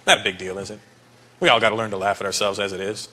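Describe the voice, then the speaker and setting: A man's voice: on the low side, flat delivery, racing. A male stand-up comedian speaking to a live audience in a teasing, conversational way. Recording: live show with loud crowd laughter.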